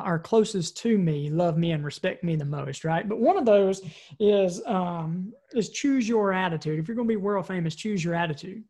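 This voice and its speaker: A woman's voice: fairly low pitch, warm tone. Chatty woman trainer asking "right?". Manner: conversational, frequent "right?" tag questions; repeats and restarts words while thinking. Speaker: personal development trainer. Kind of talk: recorded training talk.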